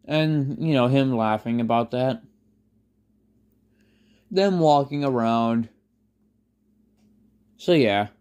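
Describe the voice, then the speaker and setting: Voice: mid-range voice, slow pace, pauses often, darkish tone, clean tone. A fan storyteller improvising a story in a rambling way, full of fillers and self-corrections.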